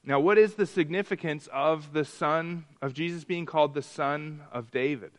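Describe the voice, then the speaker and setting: A man's voice: on the high side, moderate pace. A man leading an interactive Bible class, reading scripture aloud, asking the group questions and often restarting his sentences. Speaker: Bible study teacher.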